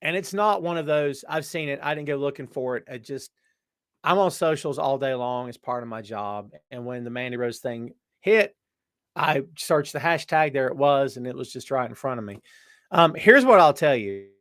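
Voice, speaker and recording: Lively intonation at a moderate pace marks this podcast host as he reads his live chat, naming viewers and calling them "brother" or "my friend." Loud exclamations alternate with low asides, and the recording is dry with clean studio sound.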